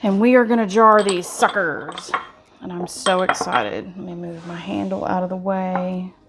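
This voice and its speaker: With a noisy background behind her, a woman speaks in a lowish, steady voice at a moderate pace. She's a home cooking vlogger, chatty and folksy, talking to viewers as she stirs through a casual cooking demo.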